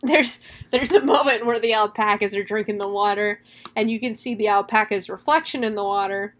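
Animated woman retelling a plot. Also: mid-range voice, brisk. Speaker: podcast host reviewing a horror film. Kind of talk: casual chat.

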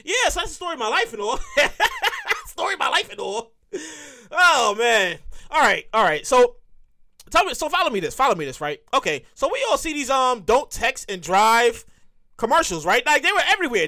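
A man hosting his own comedy show, telling a profane, excitable rant full of repeated lines. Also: very high-pitched, fairly quick. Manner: profane, excitable ranting with lots of repetition.

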